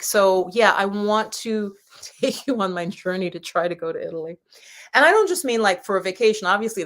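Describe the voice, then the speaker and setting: A woman hosting a live stream for her channel, chatting casually with viewers in a rambling, laughing way. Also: fairly low pitch. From United States. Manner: chatty and warm, with frequent laughs and rambling asides. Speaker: YouTube channel host.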